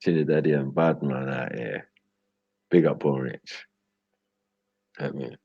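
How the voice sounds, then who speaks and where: A young man hosts a live stream, rambling and laughing a lot as he banters with chat in loose street slang. His bass voice is slow, gravelly and dark with a breathy edge, recorded dry on dull lo-fi stream audio.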